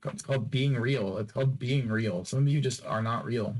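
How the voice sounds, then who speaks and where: A man of ordinary pitch hosts a casual podcast on his own, rambling and teasing his listeners. He repeats his lines again and again in a loose, playful way. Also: moderate pace, darkish tone, a little hiss or hum, low-quality recording. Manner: rambling, jokey, repeats phrases over and over. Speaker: podcast host. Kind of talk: casual solo podcast sign-off.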